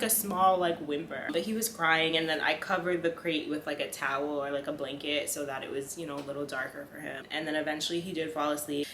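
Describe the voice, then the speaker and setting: Young woman, low voice, relaxed filler-heavy home vlog, echoey room. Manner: chatty, filler-heavy, talks to her dog between tips. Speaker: vlogger. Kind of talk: casual chat to camera. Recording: echoey room, faint room noise.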